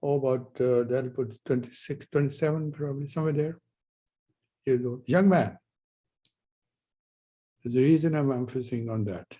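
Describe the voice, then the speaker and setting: An older male university lecturer in his 70s addresses a class in a loose, anecdotal style, posing questions and answering them himself. His medium-pitched voice is mellow and a little husky as he wanders through the story with pauses and restarts, in a rough recording.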